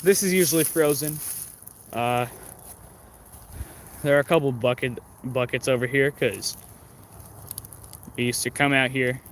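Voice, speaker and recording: A livestream host chats casually while walking through creekside woods, speaking in a steady, mid-range voice at a measured pace with frequent pauses. He rambles, using many fillers and restarts, over faint outdoor background noise.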